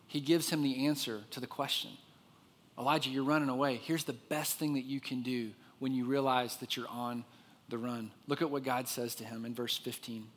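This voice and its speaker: A man preaching a sermon, telling the story with lively expression and dropping to a hushed voice for the quiet parts. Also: mid-range voice, in a large hall. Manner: expressive storyteller, drops to a soft hush for quiet moments. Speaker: pastor.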